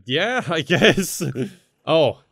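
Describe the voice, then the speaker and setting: Brief: young male gaming commentator, slightly high voice, laughs a lot, swears freely, excitable and jokey. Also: drawn-out words, no echo, studio quality. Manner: talks to game characters in silly mock voices. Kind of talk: casual gameplay commentary.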